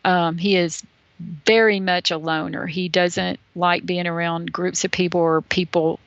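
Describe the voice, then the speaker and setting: A woman, a guest telling a story in an interview, animated and chatty, full of "you know". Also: lowish voice, a little slow, no echo. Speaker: podcast guest. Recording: dull lo-fi sound.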